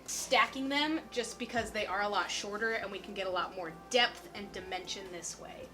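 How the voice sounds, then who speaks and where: Bright, bubbly young woman vlogger. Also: mid-range voice, moderate pace, soft background music. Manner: chatty and bubbly, peppered with "like". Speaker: lifestyle vlogger. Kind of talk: casual chat.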